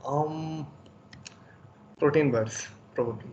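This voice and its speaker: Hesitant, thoughtful man with a slightly high voice. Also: slow, a little mellow, muffled recording, slight background noise. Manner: hesitant, thoughtful, many ums. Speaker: podcast guest. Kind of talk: casual podcast chat.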